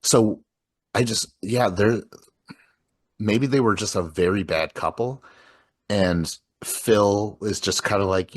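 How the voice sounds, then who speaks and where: Male co-host, low and husky, loose rambling recap style, heavy on fillers. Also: takes it slowly, long pauses. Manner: rambling, lots of filler words, recaps scenes. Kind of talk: casual film discussion.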